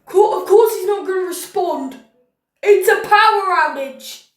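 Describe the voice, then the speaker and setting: Woman reactor, very high pitch, sarcastic asides, roomy sound. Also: lively intonation, unhurried, a little hiss or hum. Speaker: video reactor. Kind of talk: reaction commentary.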